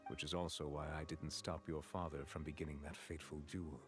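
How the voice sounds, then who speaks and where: A stern, formal judge from a video game, a dragon hidden in human form. He speaks slowly and solemnly in a very low voice, choosing each word with care. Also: little pitch movement, music in the background. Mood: reflective.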